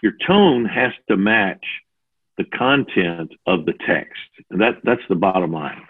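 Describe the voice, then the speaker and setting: A man in his sixties who mentors preachers, answering interview questions in an animated way and acting out the voices he quotes. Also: low-pitched, measured pace, husky. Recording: phone-like narrow audio.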